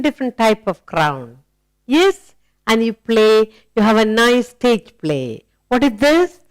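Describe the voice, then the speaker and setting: A woman leads a children's phonics lesson at an unhurried pace, drawing each word out. Her voice is smooth and clear, and she coaxes answers with questions and warm praise. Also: a little high, low-quality recording. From India. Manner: slow, coaxing, asks questions and praises. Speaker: teacher.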